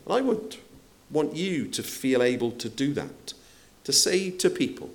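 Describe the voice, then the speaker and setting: In an unhurried but very animated sermon, a male pastor lets his pitch soar and drop as he speaks to the congregation. Rhetorical questions and acted-out quotations fill his casual, conversational delivery.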